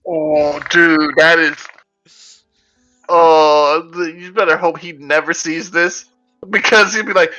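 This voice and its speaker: A man's voice: on the high side, steady tone, slow pace, pushed and bright, faint music behind, low-quality recording. A man playing a tabletop game, chatting casually, rambling and laughing as he jokes with the group. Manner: rambling, joking, laughs often. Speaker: player.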